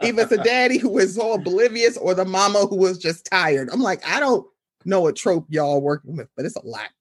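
A woman's voice: mid-range voice, animated, a little fast, breathy edge. A woman in casual chat who acts out quoted voices and laughs often as she talks.

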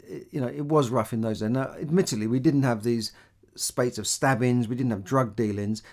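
Middle-aged Cockney man giving money advice. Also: medium pitch. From London, England. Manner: rambling, conversational, many fillers and restarts. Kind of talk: casual monologue.

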